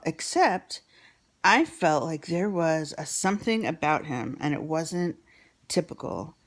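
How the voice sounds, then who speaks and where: A woman's voice: low voice, vocal fry. A woman vlogger telling a personal story in a rambling, casual way with many fillers, sometimes dropping to a whisper.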